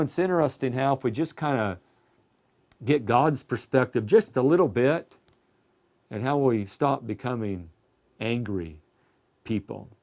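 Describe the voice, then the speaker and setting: A man's voice: fairly high pitch, darkish tone. A man preaching a sermon in a conversational way, asking his listeners direct questions.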